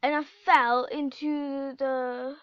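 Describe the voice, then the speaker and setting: A woman giving casual, excitable commentary while playing a video game and chatting to her in-game pets. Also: high voice, slow, slight background noise. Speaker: gameplay channel host. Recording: dull lo-fi home recording.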